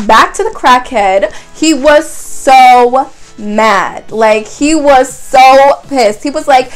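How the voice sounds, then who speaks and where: An eighteen-year-old woman, telling a story vlog in a chatty, dramatic way and saying "like" a lot. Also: on the high side. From Canada. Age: young adult, 18. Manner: chatty, dramatic retelling with frequent "like". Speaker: vlogger. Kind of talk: casual storytime.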